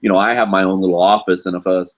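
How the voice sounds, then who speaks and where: Over phone-quality sound, a lowish-voiced man speaks very fast while answering viewer questions on a casual live stream. An English teacher at a Japanese university, he chats loosely, leans on "you know," and animatedly mimics students and staff in a raised voice.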